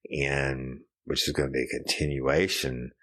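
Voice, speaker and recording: A man's voice: rumbling low, level tone, unhurried, a bit bright. A man, co-hosting a casual podcast chat, joking and rambling with some profanity. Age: 50s. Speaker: podcast co-host.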